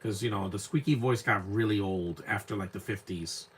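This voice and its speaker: A man's voice: on the low side, moderate pace, a little hiss or hum. A young man giving casual live commentary on an old movie, rambling and repeating words as he searches for names.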